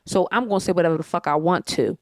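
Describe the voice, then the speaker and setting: Sitting on her living room couch at home, a woman co-hosts a podcast and rants in a blunt, profane, emphatic way during casual conversation. She speaks very fast with a lowish voice, and the studio-quality recording has no room sound.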